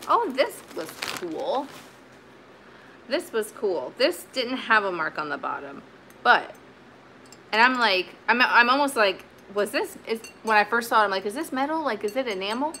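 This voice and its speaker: A chatty woman talks through her thrift finds in an easy, rambling way, full of fillers and restarts. Her voice is bright and forward, with a faint hiss in the background. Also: medium pitch, sing-song, unhurried. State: sweaty, warm. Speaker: vintage reseller. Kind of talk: casual haul video chat.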